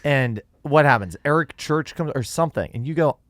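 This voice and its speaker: A man's voice: a little high, animated, normal speed, fairly bright tone, dry recording, clean studio sound. Male podcast host asking leading questions. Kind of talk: interview questions.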